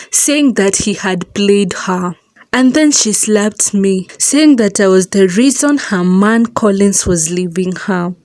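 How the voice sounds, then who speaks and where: A woman telling a first-person story as scripted narration, in a measured, even way. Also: mid-range voice, no echo.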